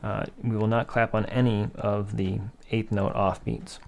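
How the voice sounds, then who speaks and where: A man's voice: fairly low pitch, flat delivery, measured pace, vocal fry. A man teaching a rhythm lesson in a patient, methodical way, asking questions and then answering them himself. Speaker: music teacher.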